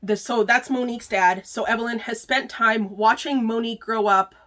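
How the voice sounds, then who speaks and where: A woman hosts a casual book review, talking in a loose, chatty way full of filler words. Her voice sits a little high and sounds bright and clear. She laughs easily between thoughts. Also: moderate pace. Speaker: book club host.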